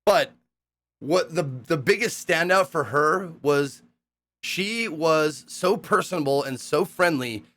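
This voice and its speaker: A young man casually recapping a hosting gig, rambling and profane, acting out the people he quotes in excited voices. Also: a little high, slow pace.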